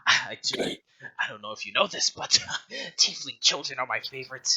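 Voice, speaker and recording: A game master voicing a frail, kindly old woman who runs an orphanage, soft-spoken and fussing over her guests. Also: mid-range voice, animated, moderate pace, slightly rough, heavily acted, poor audio. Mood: grateful. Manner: warm, fussing, soft-spoken, leans on a cane.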